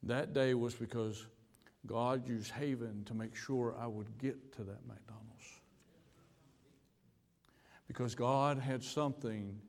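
Male American pastor, storytelling sermon voice, medium pitch, long church reverb. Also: fairly even intonation, slow, vocal fry, long pauses. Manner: storytelling, repeats words, stammers on restarts. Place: church sanctuary.

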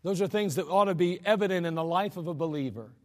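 A man's voice: high voice, quick pace. A male pastor preaching a sermon in a folksy, emphatic way, with chuckling asides, in a church sanctuary. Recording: long hall reverb.

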